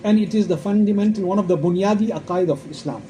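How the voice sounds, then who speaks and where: A man's voice: high-pitched, fast talker, mellow, a little hiss or hum, poor audio. A man giving an emphatic religious lecture, quoting Arabic verses and asking rhetorical questions. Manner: emphatic, repeats points, quotes Arabic verses. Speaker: Islamic scholar giving a talk.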